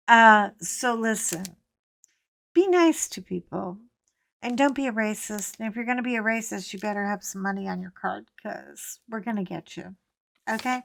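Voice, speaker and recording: A middle-aged woman talks to her viewers in an easygoing, storytelling way while she works on a craft at home. Her pace is unhurried and she breaks into animated bursts and laughter. The sound is dry and close, with no room echo. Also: fairly high pitch. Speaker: vlogger. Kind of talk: casual chat while crafting.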